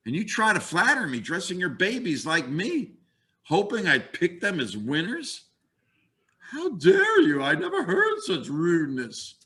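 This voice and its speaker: A man's voice: sits high, wildly swooping pitch, normal speed, sharp tone, pitched above the performer's own voice, full character voice. A man reading aloud as an arrogant, blunt male superhero from an old comic book, stern and proud. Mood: scolding.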